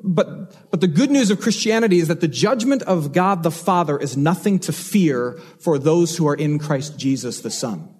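A male pastor preaches in an earnest, emphatic way, leaning on repeated phrases. His voice sits fairly high for a man and has a husky, slightly breathy edge. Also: lively intonation, moderate pace, hardly any pauses, a little mellow. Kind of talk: sermon.

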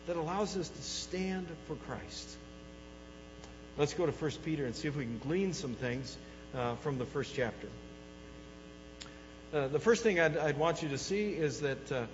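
A man preaching a sermon, moving between soft, low passages and loud, rising ones, and putting questions to the congregation. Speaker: pastor. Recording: dull hall recording with mains hum.

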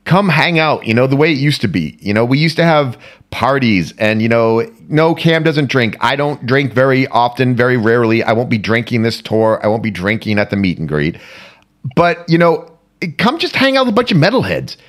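A man's voice: medium pitch, animated, normal speed. A man co-hosting a podcast in loose casual chat, rambling and repeating himself. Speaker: podcast co-host.

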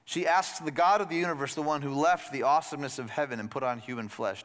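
Man, pastor, casual sermon, questions to the congregation, bright tense tone, echoing hall. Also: medium pitch, quick pace, few pauses. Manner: conversational, lively, quotes and questions the congregation.

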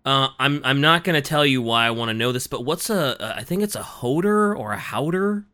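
A man's voice: medium pitch, lively intonation, fairly quick, bright, forceful tone. A man co-hosting a casual podcast chat, reacting often with laughter and surprised swearing. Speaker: podcast co-host.

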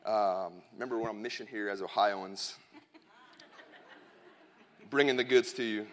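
A man's voice: fairly low pitch, fairly even intonation, unhurried, fairly bright tone, some chatter behind. A man in his thirties preaching a sermon, telling a funny family story in a chatty, joking way. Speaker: pastor. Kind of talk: sermon with a humorous personal story.

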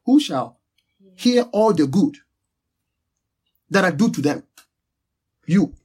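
Speaking slowly but with animation, the pastor has a high, darkish voice with a breathy edge. His sermon to the congregation is emphatic and repetitive, stressing key words as he leads a prayer line by line.

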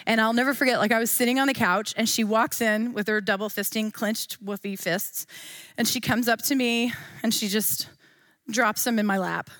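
A woman's voice: on the high side, steady tone, normal speed, fairly bright tone, dry recording, clean studio sound. A woman, leading a Bible study in a chatty, playful way, full of asides.

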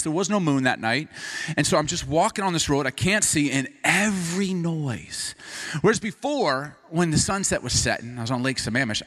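Lively male pastor telling a story. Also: fairly high pitch. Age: adult. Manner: animated, self-deprecating storyteller who turns quiet and earnest for scripture. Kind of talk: sermon with personal storytelling.

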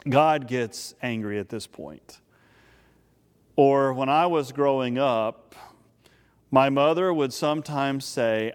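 A man preaching a sermon, telling a Bible story in an animated way and often repeating words as he restarts a thought. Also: mid-range voice, slow pace, in a large hall. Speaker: pastor.

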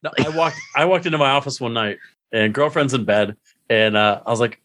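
A man's voice: mid-range voice, brisk, fairly bright tone, dry recording. A man hosting a casual podcast, trading chatty, laughing anecdotes with his guest. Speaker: podcast host.

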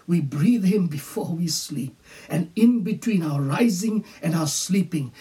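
Male pastor, sermon delivery, unhurried with hushed emphasis, somewhat distant mic. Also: sits high, expressive. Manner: slow, emphatic preaching with whispered phrases.

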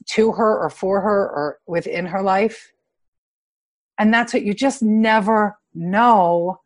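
A middle-aged woman sharing heartfelt personal stories in a casual conversation, growing lively when she quotes other people. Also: medium pitch. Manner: earnest, animated when quoting others.

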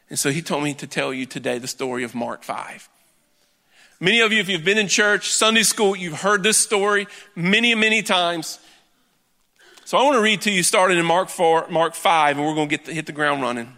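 Male pastor, high bright voice, chatty sermon delivery, long church reverb. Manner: conversational preaching with quick asides and drawn-out emphasis. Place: church hall. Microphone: handheld or headset microphone.

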